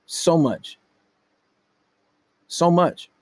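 A man's voice: on the high side, extremely slow, darkish tone, no echo. Profane young man ranting, close and dry. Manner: profane, rambling, blunt. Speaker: podcast host. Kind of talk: casual dating-advice rant. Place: home room at night. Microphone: laptop.

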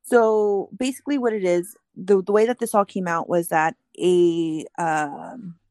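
Lowish woman explaining, many ums. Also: fairly even intonation, measured pace, darkish tone, no room sound, clean studio sound. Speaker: co-host reading news. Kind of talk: casual podcast discussion.

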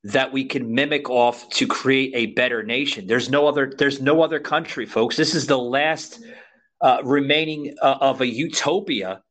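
Man, podcast host, emphatic, repetitive, mid-pitched voice. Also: normal speed, a bit bright. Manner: emphatic, repetitive, addresses listeners as folks. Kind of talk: casual talk show discussion.

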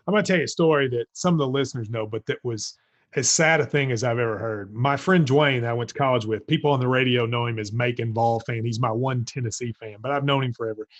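A man's voice: medium pitch, fast. A man with a Kentucky accent hosting a podcast over a video call, telling a personal story in a candid, rambling way with frequent restarts. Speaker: podcast host. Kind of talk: casual video-call conversation.

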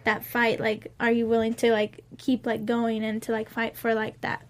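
A woman's voice: a little high, monotone, moderate pace. A young woman dancer in a casual interview, talking in a rambling way and saying "like" often. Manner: rambling, lots of "like".

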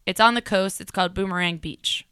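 A woman co-hosting a comedy podcast in casual chat, playful and quick with quips. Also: medium pitch, a bit bright, clean tone, no echo. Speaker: podcast co-host.

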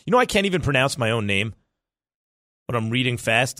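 A man hosting a sports talk radio show, arguing his opinions in a fast, animated, self-correcting way. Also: mid-range voice, no echo, clean studio sound.

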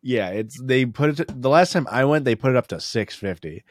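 A man's voice: medium pitch, expressive, moderate pace, no room sound. Dry-voiced man joking on a podcast. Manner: rambling, profane, laughing at own jokes. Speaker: podcast co-host. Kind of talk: casual comedic chat.

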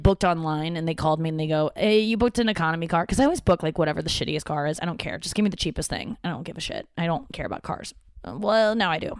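Recorded in her father's home office with no room sound and studio quality, a St. Louis-area woman hosts a podcast in a smooth, lowish voice. Her casual storytelling is chatty and profane, and she mocks herself and quotes other people.

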